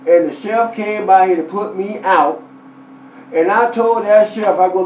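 A man's voice: high-pitched, moderate pace, a little mellow, slight background noise. A man telling his side of a dispute with his landlord, emphatic, repeating points and quoting what others told him. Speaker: tenant telling his story. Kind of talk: animated personal account. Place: inside a rented house. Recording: echoey room, voice from far off.

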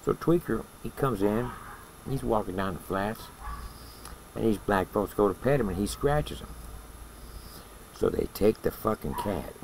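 An older man with a very deep, gravelly voice tells a story from his prison days. He talks bluntly and swears freely, often tossing in a quick "all right?" to keep the listener with him. A faint background hiss stays under his voice. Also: expressive, a little mellow, poor audio. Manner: blunt and profane, tags lines with "all right?". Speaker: former prison inmate telling a story. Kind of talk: casual spoken storytelling.

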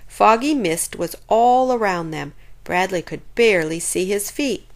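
A woman reading a children's chapter book aloud in an expressive, lively way. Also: medium pitch, unhurried. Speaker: storyteller.

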